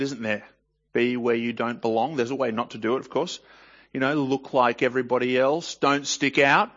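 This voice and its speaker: A man's voice: mid-range voice, vocal fry, a bit bright, highs cut off. A man reading scripture aloud and commenting on it in a conversational way, often asking the listener rhetorical questions. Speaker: Bible teacher.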